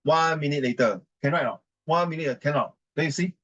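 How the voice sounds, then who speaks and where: A man's voice: on the high side, brisk, a bit bright, dull audio. A man with a Singaporean English accent ranting indignantly in conversation, emphatic and repetitive, slipping into Mandarin and Singlish. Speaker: adult giving writing advice.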